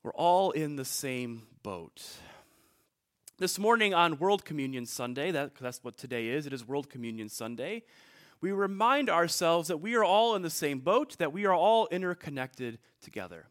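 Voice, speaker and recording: Lively, animated male pastor preaching. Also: fairly high pitch, moderate pace. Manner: storytelling, conversational, with asides to the congregation. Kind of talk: sermon.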